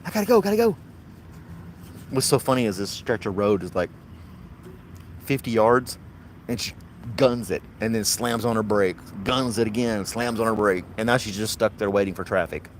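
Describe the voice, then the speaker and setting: A man's voice: lowish voice, normal speed, slight background noise. Rambling man chatting by a road. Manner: rambling, wry, laughs at his own jokes. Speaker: podcast host. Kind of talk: casual chat.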